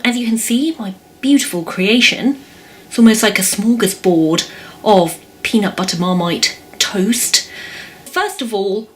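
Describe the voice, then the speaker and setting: A woman's voice: a little high, fairly bright tone. A young woman chatting through a casual taste-test vlog, describing the food as she eats it. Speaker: food vlogger.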